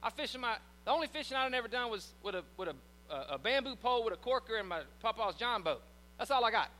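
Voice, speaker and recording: A pastor preaching a sermon in a folksy, joking, conversational way. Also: male voice, very high-pitched, lively intonation, quick pace, sharp tone, in a large hall, low-quality recording.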